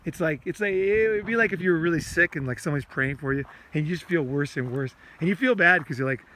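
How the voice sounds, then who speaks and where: There's a little hiss or hum as a man with a slightly high, bright, forceful voice talks at a quick pace. Walking outside, he hosts a self-help podcast in a loose, repetitive monologue, cursing often and acting out inner rants.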